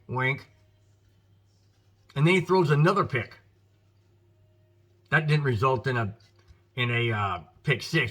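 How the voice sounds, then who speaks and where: A man's voice: medium pitch, fairly bright tone, husky. A man with an American accent hosting his own football show, giving emphatic, frustrated commentary and talking straight to his viewers. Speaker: sports podcast host.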